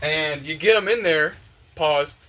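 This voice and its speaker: A young man rambles casually about a favorite game while washing dishes, his voice bright and a little high. He talks in loose slang with lots of fillers and acts out bits of dialogue as he goes. A faint noise sits behind him in the kitchen. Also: unhurried. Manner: excited, slangy, many fillers, acts out quotes. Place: home kitchen with open windows.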